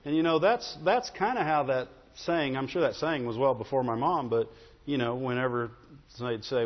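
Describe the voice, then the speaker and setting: Conversational pastor in a reverberant church. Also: male voice, mid-range voice, normal speed. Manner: conversational, repeats "Amen?" and "Right?". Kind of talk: sermon. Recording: dull, with long hall reverb.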